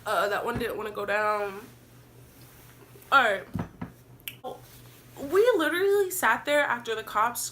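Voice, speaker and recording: A young woman vlogger telling a wild story in a casual storytime vlog, animated and profane, acting out what people said. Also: fairly high pitch.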